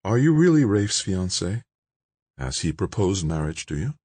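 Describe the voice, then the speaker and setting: A calm, guarded young woman speaking quietly and evenly, played by a male narrator who raises his pitch. The husky voice sits close and dry on the recording. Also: normal speed, no room sound.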